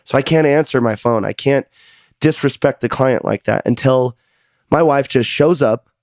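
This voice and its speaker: A man's voice: mid-range voice, normal speed, darkish tone, no echo. Guy on his podcast telling his life story, earnest and confessional, medium voice, dry close sound. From United States. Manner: earnest, confessional, repeats words when emotional. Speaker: podcast host. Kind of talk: personal storytelling monologue.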